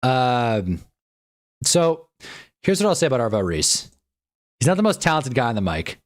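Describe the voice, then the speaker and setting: A man's voice: medium pitch, sing-song, normal speed. A man hosting a livestream in casual chat, thinking aloud, muttering and swearing now and then. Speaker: livestream host. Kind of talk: casual live-stream chat.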